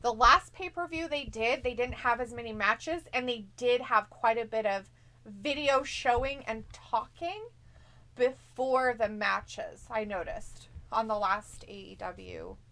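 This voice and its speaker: A high-voiced woman with a bright, sparkling tone. She teases and giggles through a casual live stream. She reads viewer comments aloud between quick reactions. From Upper Midwest of the US. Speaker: co-host of a live watch-along stream.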